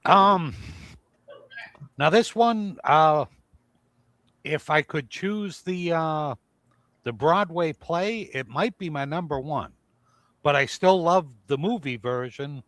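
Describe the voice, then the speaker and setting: Slow easygoing male co-host. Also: fairly high pitch, a bit bright, dry recording. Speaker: podcast co-host. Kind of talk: casual live podcast chat. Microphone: video call.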